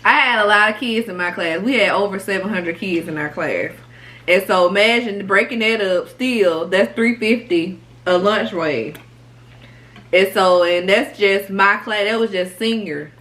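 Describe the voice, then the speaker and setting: A woman hosting an eating video, chatting casually and warmly about her food while she eats. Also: mid-range voice, unhurried, low-quality recording. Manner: chatty, talks through meals. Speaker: mukbang host.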